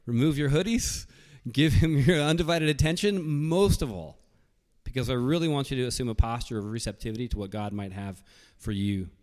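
Man introducing a speaker in a reverberant hall. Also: mid-range voice. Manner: earnest, asks the audience for attention. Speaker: school chapel leader.

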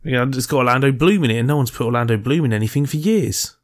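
A man's voice: mid-range voice, fast. A man co-hosting a casual podcast, dry and sardonic, reeling off film and music trivia.

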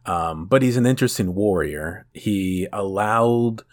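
A man's voice: fairly low pitch, unhurried, no room sound, studio quality. A man co-hosting a podcast, talking casually about a manga series, swearing now and then and laughing often. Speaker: podcast co-host.

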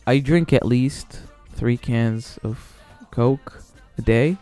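A man's voice: mid-range voice, slow pace, mellow. A man hosting his own solo podcast, rambling casually and swearing, with many fillers and restarts. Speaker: podcast host. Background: faint background music.

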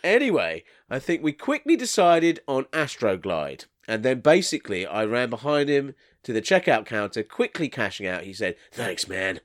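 A man's voice: medium pitch, big pitch swings, moderate pace, hardly any pauses. A man co-hosting a comedy podcast, swearing and teasing his co-host as he reads listener letters.

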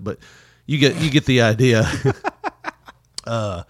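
A man's voice: lowish voice, unhurried, long pauses, no room sound, clean studio sound. A man in casual podcast chat, telling loose rambling travel stories with frequent laughter and swearing.

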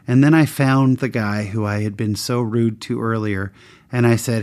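A man shares a personal story with a moral, candid, conversational and self-deprecating. His slightly mellow voice moves at normal speed and swings sharply in pitch as he voices the people in it.

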